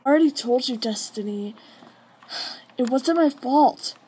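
A woman's voice: high voice, measured pace, dark tone, breathy edge, full character voice. A woman voicing a defensive, curt girl pet in a fan toy drama.

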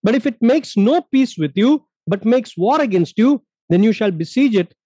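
Man, from India, Bible study teacher, emphatic, repeats points, high voice, dry sound. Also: lively intonation, moderate pace, mellow, slightly rough, no room sound, lo-fi sound.

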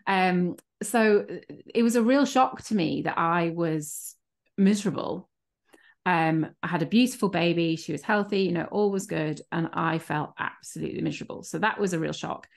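A woman's voice: on the low side, a little slow, creaky. A middle-aged woman hosting a podcast, speaking frankly and openly in casual conversation. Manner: frank, open, laughs easily. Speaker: podcast host, coach. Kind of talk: casual interview chat.

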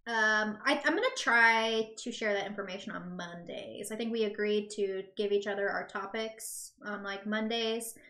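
Young female host, bubbly and chatty, bright tone, casual stream banter. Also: mid-range voice, normal speed, hardly any pauses, echoey room. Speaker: talk show host. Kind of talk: casual live-stream chat.

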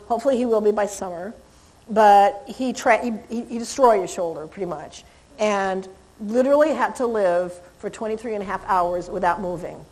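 Speaking in a mid-range voice, a woman gives an animated seminar talk on dog behavior to a live audience. She imitates animal and human sounds and poses questions to the room.

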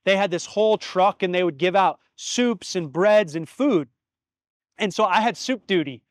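A man in his thirties speaks in a fairly high voice as host of his own podcast. He tells stories and reflects earnestly and from the heart, dropping casual swear words. The sound is dry and close, with no room echo. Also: normal speed. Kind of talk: reflective solo podcast monologue.

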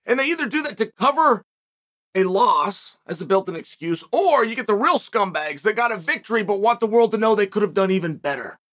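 Bright-voiced man giving emphatic commentary. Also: sits high, very animated, fairly quick. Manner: emphatic, argumentative, sarcastic asides. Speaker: host. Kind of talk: opinionated commentary monologue.

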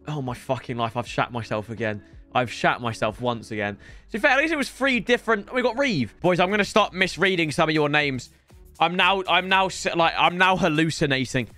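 A young man streaming for hours on a headset mic, tired, swearing and bantering with sudden shouts. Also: a little high. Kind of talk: casual live-stream chat.

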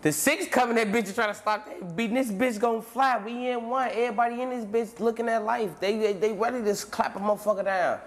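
Animated man telling a story. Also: high-pitched, slight background noise. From Chicago. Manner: streetwise slang, acts out scenes with shouts and impressions. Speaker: interview guest.

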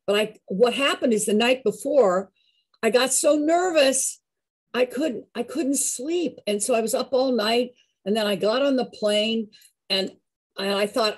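A woman in her sixties telling a personal story in an animated, chatty way, with a husky voice. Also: on the high side, measured pace, low-quality recording. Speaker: show regular.

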